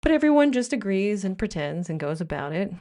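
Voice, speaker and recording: An American woman vlogs in chatty commentary, her mid-range voice very animated, brisk and warm. Her style is wry and playful, now and then shifting into mock-British quoted phrases.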